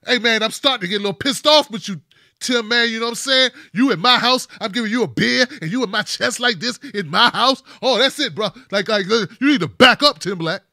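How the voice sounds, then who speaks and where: A man voicing a friendly, slangy male buddy who greets loudly and turns defensive. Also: extremely high pitch, normal speed, hardly any pauses, smooth, dry recording, clean studio sound, voice pushed up. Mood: annoyed defensive. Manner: slangy, loud, backslapping.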